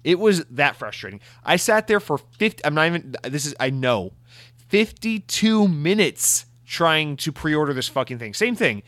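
A man with a fairly high voice hosts a show and answers listener mail at a moderate pace, with no room sound. He rants casually, animated and exasperated, swearing freely and slipping into mocking voices.

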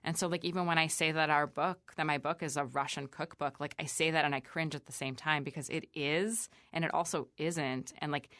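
A woman in her thirties, a chef and restaurant owner, talking casually in an interview, full of "like" fillers and quoting people in lively voices. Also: sits low, brisk, hardly any pauses, no room sound, studio quality.

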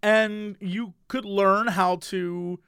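Man co-host, high bright voice, very lively pitch, joking chat, dry close mic. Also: extremely slow, smooth, no room sound. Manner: animated, laughs often, mimics voices. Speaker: podcast co-host. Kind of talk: casual comedic chat.

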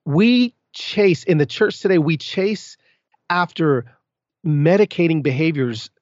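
A man with a voice pitched a touch high speaks candidly as a podcast guest. His delivery is animated and full of restarts, with emphatic bursts that rise in pitch. The sound is dry and a little dull, as if from a modest mic in a close room. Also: a little slow, no room sound. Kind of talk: candid interview storytelling.

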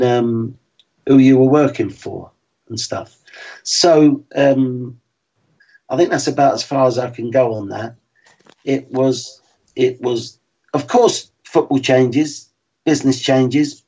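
A man in his sixties, a former footballer, talking frankly and in a measured way as an interview guest. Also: medium pitch, darkish tone. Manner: frank and plain-spoken, measured. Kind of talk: reflective interview talk. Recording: slightly dull lo-fi sound.

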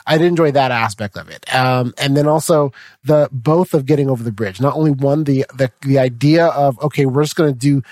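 A man hosting a podcast, chatting casually about a film, animated, restarting his sentences and tagging them with "right?". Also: medium pitch, a little fast, hardly any pauses, no room sound. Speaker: podcast host. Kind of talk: casual film review chat.

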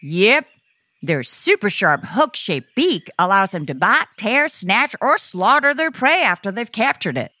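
A woman's voice: mid-range voice, big pitch swings, measured pace, sharp tone, no room sound. A woman playing an ornithologist guest, explaining facts in a friendly way on a kids' science show. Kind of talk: scripted educational dialogue.

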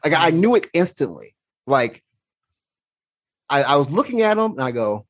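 A man's voice: mid-range voice, sing-song, moderate pace, long pauses. Earnest male podcast guest with a mid-range voice, reflective storyteller who acts out dialogue. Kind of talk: personal storytelling in conversation.

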